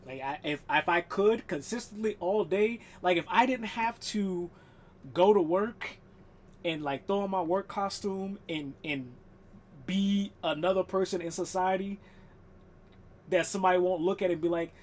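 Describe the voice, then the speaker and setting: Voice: mid-range voice, moderate pace. A live streamer chatting casually while gaming, rambling and swearing, laughing often.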